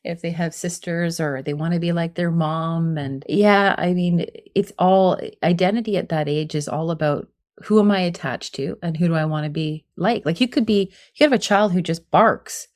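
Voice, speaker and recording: A woman's voice: lowish voice, moderate pace, few pauses, a little mellow. A middle-aged woman speaking as a parenting expert in an interview, earnest and explanatory, with frequent fillers. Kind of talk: conversational interview.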